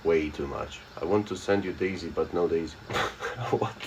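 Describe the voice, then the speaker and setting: A man with a fairly low voice hosts a casual live stream. He reads viewer messages aloud and answers them bluntly, sounding unbothered. A faint hiss of background noise sits under his voice. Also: a little slow. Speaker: live streamer reading chat.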